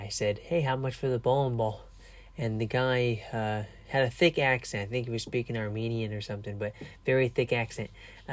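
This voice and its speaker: A man casually telling a rambling story to his viewers, a little tired, with frequent restarts. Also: mid-range voice. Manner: rambling, chatty, with restarts and laughs. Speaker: vlogger.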